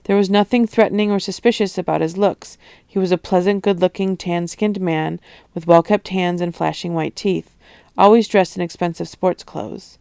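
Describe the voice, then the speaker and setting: A woman reading a novel aloud in a steady, expressive storytelling manner. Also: on the low side, moderate pace, vocal fry, clean tone, no echo, studio quality. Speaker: audiobook reader.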